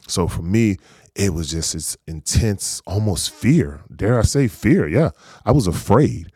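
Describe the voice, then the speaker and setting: A man's voice: low-pitched, lively intonation, measured pace, darkish tone, slightly rough, no room sound. A former football player in his forties telling his story in a candid, conversational way, with lots of "you know" and "like". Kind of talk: reflective storytelling.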